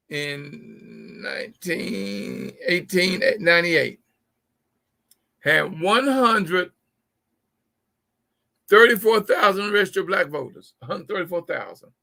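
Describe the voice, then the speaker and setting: High, gravelly, emphatic male livestream host. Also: pushed and bright. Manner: emphatic, repeats words, addresses viewers directly. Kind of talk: live-streamed political talk to viewers.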